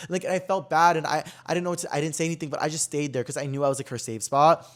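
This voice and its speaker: A man's voice: fairly high pitch, steady tone, racing. A young man hosting his own podcast, telling a story in a casual, dramatic way full of "like" fillers. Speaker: podcast host.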